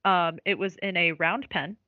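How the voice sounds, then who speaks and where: A woman's voice: fairly low pitch, steady tone, moderate pace, no echo. A woman guest on a podcast in casual chat, telling stories with dry humor. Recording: dull, lo-fi, dry podcast audio.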